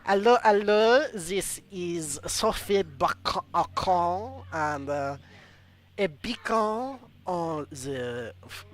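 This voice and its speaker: A fiery French heroine, put on by a man, hammed up with a thick, put-on French accent. The voice sits high and leaps about in a lively way, delivered slowly. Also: heavily acted. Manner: hammy, exaggerated. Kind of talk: joking character voice while gaming.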